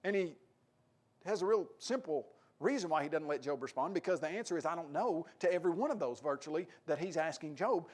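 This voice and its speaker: A Tennessee-accented man preaches a sermon in a fairly high voice. He talks with animated emphasis and often raises his voice for quoted lines. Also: brisk.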